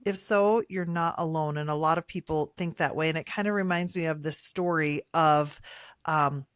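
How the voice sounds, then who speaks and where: A woman's voice: low-pitched, fairly even intonation, moderate pace, clear, resonant tone, no room sound, studio quality. A woman co-hosting a faith podcast, affirming her sister and telling stories in an encouraging way. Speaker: podcast co-host. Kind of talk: faith podcast chat and storytelling.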